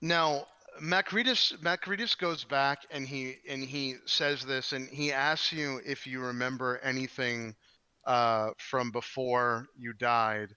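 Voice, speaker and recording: Bright-voiced man running a tabletop game. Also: mid-range voice, fairly even intonation, takes it slowly, smooth, no echo. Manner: rambling, many fillers and restarts. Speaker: game master. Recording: dry, dull lo-fi mic.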